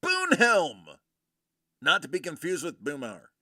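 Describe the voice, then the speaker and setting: A man doing casual live-stream commentary while opening collectible cards, joking and reacting loudly. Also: on the high side, wildly swooping pitch, a little slow, no echo, clean studio sound.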